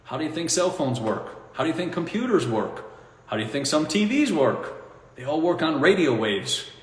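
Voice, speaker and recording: A man's voice: fairly high pitch, normal speed. Guy ranting casually, keeps laughing and mocking, big echoey room w/ long reverb. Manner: rambling and animated, laughs at his own points, mocking quoted voices. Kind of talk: casual monologue.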